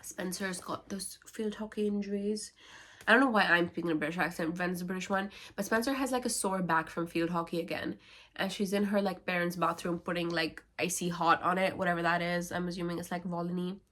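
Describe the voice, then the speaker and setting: A woman's voice: on the low side, steady tone, quick pace, a bit bright. A woman who is a book vlogger, summarizing novels in a casual, wry and sarcastic way.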